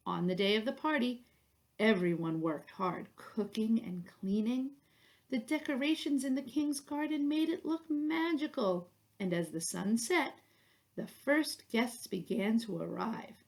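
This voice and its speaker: A woman reading a children's picture book aloud in a slow, expressive way. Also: a little high. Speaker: storyteller.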